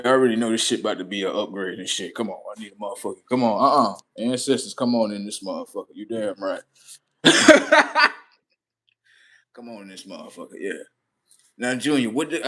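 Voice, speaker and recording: A man hosting a livestream, telling a comic story in a profane, animated way and acting out the scenes. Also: mid-range voice, brisk. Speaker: livestream host. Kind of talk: comedic storytelling monologue.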